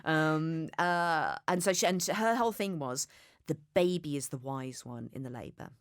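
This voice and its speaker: A woman's voice: sits low, moderate pace, no room sound, clean studio sound. A woman, a podcast guest, telling candid, self-deprecating stories in casual conversation.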